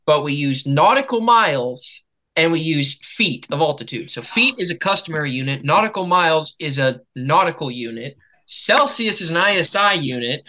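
American guy rambling on a podcast, swears constantly, bright voice. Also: fairly high pitch, expressive, normal speed, low-quality recording. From United States. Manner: swearing, laughing storyteller. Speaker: podcast host. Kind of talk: casual chat.

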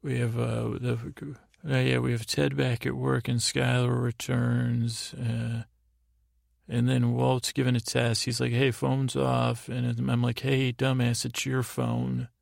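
A man's voice: medium pitch, slow pace, vocal fry, no echo, clean studio sound. A man hosting a sleep podcast, recapping a show in a meandering, trailing way. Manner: meandering, trailing off, paraphrasing scenes in a flat tone. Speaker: podcast host.

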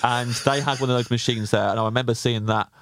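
A man from England co-hosting a podcast in casual, animated, playful chat. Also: mid-range voice, quick pace, no room sound, studio quality. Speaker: podcast co-host.

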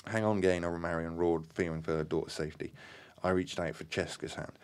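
Deep-voiced man reading a tale aloud. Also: flat delivery, brisk. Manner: acts out shouted dialogue, many fillers and restarts. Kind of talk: reading aloud from a book with comments.

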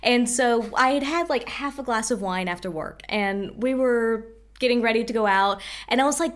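A woman's voice: fairly high pitch, normal speed. A woman co-hosting a podcast, chatting casually and laughing easily while she tells stories. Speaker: podcast co-host. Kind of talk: casual chat.

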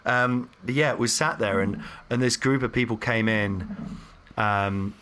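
Bright-voiced man telling stories. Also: fairly low pitch, measured pace, clean tone. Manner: animated storytelling, many fillers. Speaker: podcast host. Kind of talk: casual chat.

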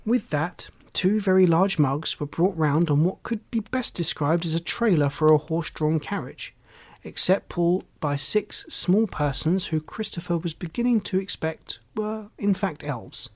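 A narrator reading a children's storybook aloud in a gentle, measured way. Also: medium pitch, dry recording.

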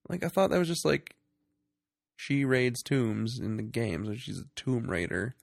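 A man's voice: medium pitch, moderate pace, vocal fry, no echo, studio quality. A man hosting a casual movie podcast, wry and jokey in his commentary. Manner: wry, jokey, slips into mock voices. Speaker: podcast host.

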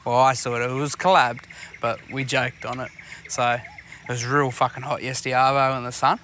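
An Australian man with a bright, cutting voice spins casual, swear-heavy stories for a podcast. He rambles and laughs as he talks, and faint outdoor and engine noise sits under the voice. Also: medium pitch, little pitch movement, normal speed. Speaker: podcast co-host. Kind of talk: casual chat. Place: outdoors on a fishing boat.

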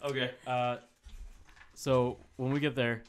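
A man's voice: mid-range voice, level tone, slow, clear, resonant tone. A man playing in a tabletop role-playing game, rambling and hesitant as he describes his moves. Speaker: player. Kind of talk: casual chat while playing a tabletop game.

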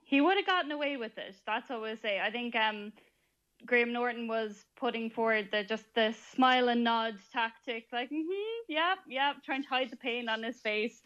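An Irish woman co-hosting a radio show, giving strong opinions in an animated way. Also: fairly high pitch, moderate pace, dull audio. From Ireland. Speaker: radio co-host. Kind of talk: casual radio chat.

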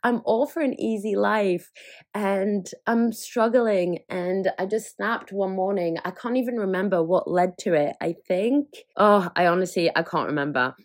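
A woman's voice: medium pitch, measured pace. A young woman hosting her own podcast, talking frankly and chattily, often laughing and swearing freely. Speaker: podcast host. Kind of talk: candid solo podcast chat.

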